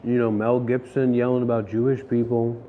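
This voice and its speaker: A man's voice: mid-range voice, level tone, brisk, narrow, tinny audio, a little hiss or hum. A man vlogging while he walks through city streets and a station, ranting in a profane, sarcastic, grumbling way. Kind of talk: casual rant while walking.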